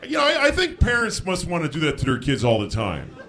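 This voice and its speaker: A man doing a stand-up comedy set, telling stories in a dry, deadpan way that breaks into high shouted bits. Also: a little fast, crowd noise. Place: live on stage before a laughing crowd. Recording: live show with audience laughter.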